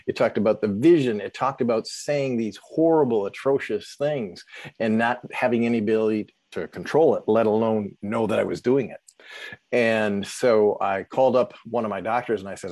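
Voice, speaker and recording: A man telling his own life story as a podcast guest, halting and earnest, with many pauses and restarts. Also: on the low side, darkish tone, no echo. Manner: halting, with many ums and self-corrections. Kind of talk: emotional personal storytelling.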